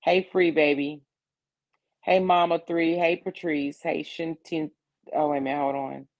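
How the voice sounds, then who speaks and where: Gravelly-voiced woman hosting a livestream. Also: low-pitched, steady tone, measured pace, darkish tone. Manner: greets viewers one by one by name; earnest and repetitive when explaining. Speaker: livestream host. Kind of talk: casual livestream chat.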